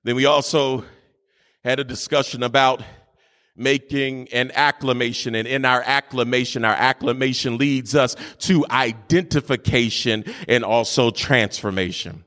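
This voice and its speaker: A pastor preaching a sermon with fervent delivery, moving between shouted sing-song peaks and quieter teaching. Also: male voice, mid-range voice, fairly even intonation, normal speed. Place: church sanctuary. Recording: long hall reverb.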